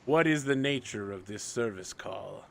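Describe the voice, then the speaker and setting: A man voicing a sinister demonic servant who answers a portal call in a deep, slow, formal voice. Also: lively intonation, vocal fry. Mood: formal menace.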